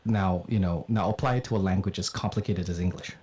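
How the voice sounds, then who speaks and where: A man raised in the Philippines chatting casually on a livestream, animated, swearing and laughing often. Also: low voice, quick pace, a little hiss or hum. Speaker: streamer and voice actor.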